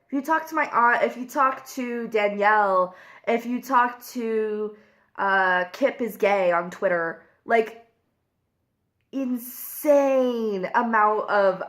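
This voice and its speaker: Young woman vlogger, slow and candid, emotional storytelling with lots of fillers. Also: fairly high pitch, a bit bright. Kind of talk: casual confessional vlog while eating.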